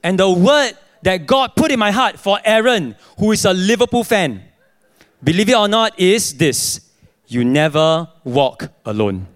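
A young adult male pastor, preaching a sermon in an animated storytelling way. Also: high-pitched, moderate pace. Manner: animated storytelling, acting out his own dialogue.

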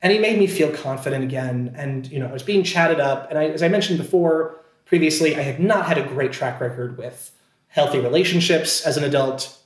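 A man, an actor, telling a personal story in casual chat, animated and self-deprecating, full of fillers and restarts. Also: a little high, fairly quick, reverberant. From Scranton, Pennsylvania, USA.

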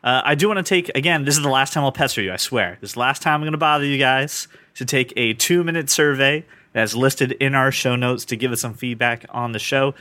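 A man's voice: medium pitch, a little fast, hardly any pauses, bright, forceful tone, dry recording. Chatty man hosting a podcast, dry sound. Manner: chatty, rambling, self-deprecating. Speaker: podcast host. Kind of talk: casual podcast chat.

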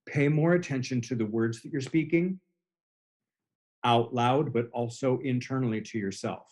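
Earnest man coaching on a podcast. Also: mid-range voice. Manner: earnest, coaching, repeats phrases. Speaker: host. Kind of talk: recovery podcast conversation.

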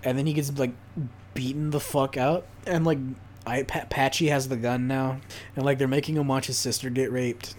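A man's voice: medium pitch, little pitch movement, normal speed, slight background noise. A man co-hosting a podcast, casually chatting and recapping a plot in a rambling, profane way. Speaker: podcast co-host. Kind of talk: casual chat.

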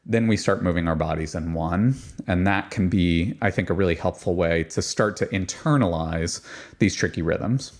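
A man's voice: sits low, normal speed. A man, a composer, explaining his choral writing in an interview, thoughtful and explanatory. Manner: demonstrates rhythms by chanting and singing them. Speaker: composer guest. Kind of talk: interview about choral music.

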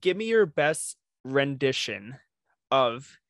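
A man's voice: mid-range voice, big pitch swings, slow pace, gravelly, dry recording, studio quality. A man co-hosting a podcast, chatting casually and laughing at his own attempts. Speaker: podcast co-host. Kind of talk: casual chat. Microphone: podcast microphone.

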